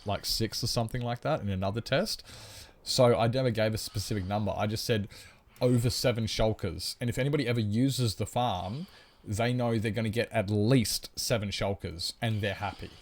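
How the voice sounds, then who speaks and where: A man with a somewhat low voice rambles through a relaxed livestream chat. He explains his thinking at length and answers viewers' comments as they come in.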